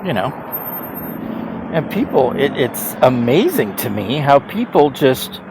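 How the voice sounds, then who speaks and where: A man's voice: mid-range voice, sing-song, slow, vocal fry, noisy background. A man over fifty rambling casually to camera, chuckling often and restarting his sentences with emphatic repeats. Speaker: e-bike rider vlogger.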